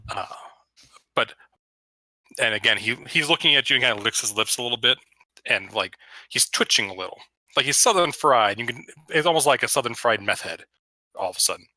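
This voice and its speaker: A man's voice: medium pitch, lively intonation, a little fast, bright, forceful tone, no room sound. A man running a tabletop game as dungeon master, narrating casually with lots of fillers over voice chat. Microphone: headset or desk mic on voice chat.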